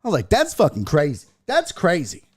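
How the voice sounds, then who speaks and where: A man's voice: a little high, wildly swooping pitch, brisk, slightly rough. A man hosting a sports stream, telling a story with lots of cursing and quoted voices. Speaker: sports show host. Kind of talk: casual livestream chat and storytelling.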